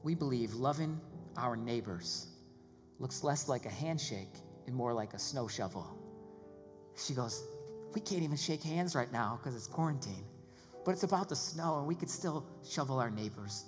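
A man's voice: mid-range voice, moderate pace. Man preaching in a reverberant hall. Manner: builds to loud excited preaching, then quiet and hushed for prayer. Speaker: pastor. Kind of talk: sermon. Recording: long reverb with music behind. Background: music playing.

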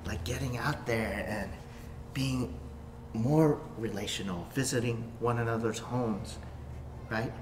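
Slow, bright-voiced pastor in an echoey hall. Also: male voice, mid-range voice. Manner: swings from hushed whispers to sudden shouts. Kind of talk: sermon preached to camera. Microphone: facing a camera. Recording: echoey hall, faint room noise.

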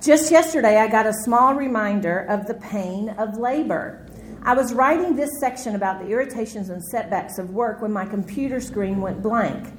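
A middle-aged woman teaching a women's Bible study, telling stories with animated, expressive delivery. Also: fairly high pitch, moderate pace, slight background noise, low-quality recording. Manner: animated storytelling, acts out her own panic.

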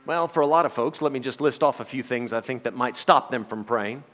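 A man's voice: mid-range voice, fairly quick, fairly bright tone, long reverb tail. A middle-aged man giving a Bible study sermon, talking in a conversational way with rhetorical questions and wry sarcastic asides. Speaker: Bible teacher.

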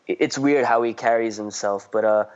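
A man's voice: medium pitch, normal speed, darkish tone, muffled recording. A man co-hosting a casual podcast, talking in a loose, rambling way with casual swearing.

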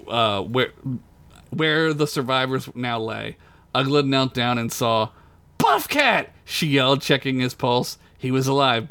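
A man's voice: medium pitch, fairly bright tone, clean tone, no room sound. A man narrating a tabletop story as game master in a crude comedic style, breaking into laughter at his own jokes.

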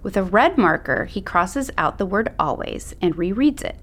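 A woman's voice: on the low side, sing-song, normal speed. A woman narrating an audiobook in the first person, with a sassy, slangy teen attitude.

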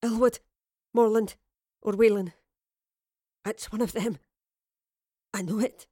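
A woman's voice: medium pitch, steady tone, dark tone, no echo. Woman doing a wounded commander lady, gasping and strained, pushing the words out, dry close sound. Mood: strained, urgent. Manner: halting, breathy, urgent. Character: wounded dying female commander, stern. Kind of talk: audio drama reading.

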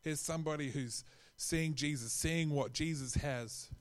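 A man's voice: on the high side, measured pace. A man preaching a sermon in a conversational way, often restarting his phrases and acting out quotes.

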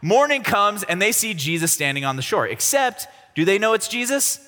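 A man's voice: high-pitched, sing-song, moderate pace, pushed and bright. A young man telling a Bible story as a comic youth sermon, jokey and slangy. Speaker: youth speaker. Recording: reverberant hall.

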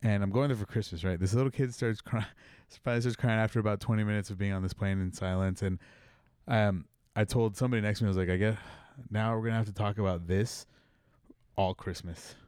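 A man's voice: on the low side, fairly even intonation, fast, a little mellow, clean tone, dry recording, studio quality. A man in casual conversation, telling a long anecdote in a laid-back way with frequent swearing. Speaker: podcast guest. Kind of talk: casual storytelling.

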